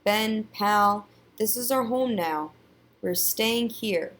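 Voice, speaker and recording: A woman voicing a joking father who teases his son in a deadpan, serious-sounding way, in a storybook read-aloud. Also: medium pitch, slow pace, pitched above the performer's own voice. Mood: reassuring. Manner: deadpan teasing.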